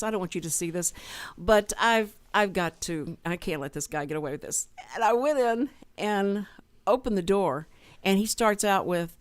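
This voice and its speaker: At a moderate pace and medium pitch, a woman co-hosting a community radio show recounts a story from her job in casual chat. Recorded in a radio studio without echo, she brings it alive by voicing the dialogue of the people in it.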